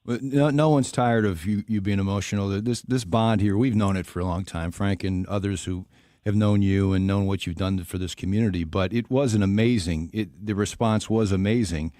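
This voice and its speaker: A man's voice: fairly low pitch, brisk, mellow, dry recording, studio quality. A man hosting a radio talk show, speaking earnestly and with feeling. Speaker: radio host.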